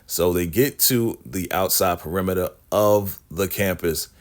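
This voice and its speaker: A man's voice: deep voice, a little slow. A man casually recapping a TV episode, telling the story with street slang and acting out the characters. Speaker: TV recap vlogger.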